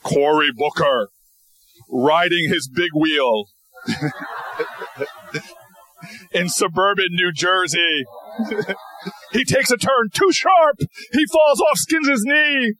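A man doing a booming, grandiose TV announcer. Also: bright, forceful tone, full character voice, low-quality recording. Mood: mock-epic. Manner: slow, dramatic, overblown delivery.

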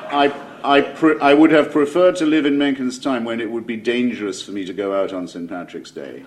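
A man's voice: mid-range voice, fairly quick. A man with an English accent giving a public lecture, wry and digressive, with ironic asides and frequent self-corrections. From England.

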